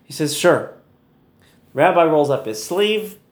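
A man's voice: a little high, moderate pace. Chatty storytelling man in an echoey room. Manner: storytelling, chatty, laughs easily. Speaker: Torah teacher. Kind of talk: casual online Torah lesson.

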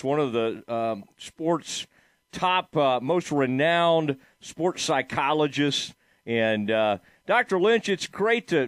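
Chatty sports radio host. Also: male voice, a little high, dry recording, clean studio sound. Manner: chatty, rambling with fillers and restarts. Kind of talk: casual sports radio interview.

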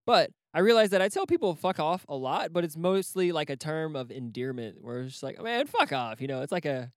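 A man's voice: fairly high pitch, a little fast, no echo, clean studio sound. A man co-hosting a casual podcast chat, rambling, swearing freely and laughing often. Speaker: podcast co-host.

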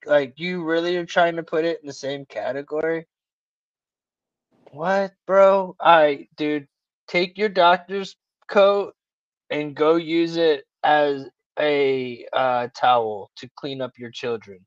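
A man's voice: on the high side, steady tone, slow, no echo. A man hosting a live call-in show, chatting casually with a sarcastic, slangy manner. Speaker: host. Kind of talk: casual podcast chat. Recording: dull lo-fi sound.

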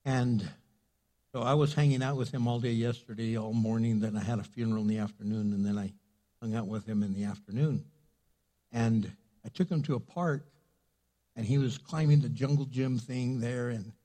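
Mellow, husky older pastor. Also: male voice, medium pitch. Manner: conversational, with frequent fillers. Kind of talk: sermon. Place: church sanctuary.

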